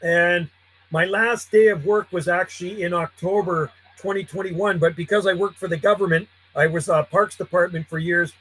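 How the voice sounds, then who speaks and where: A man's voice: high voice, steady tone, moderate pace, a bit bright, breathy edge, soft background music, poor audio. A man, a friendly and chatty CB radio operator calling out call signs from his home radio room. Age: 50s. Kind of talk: casual radio calls and chat.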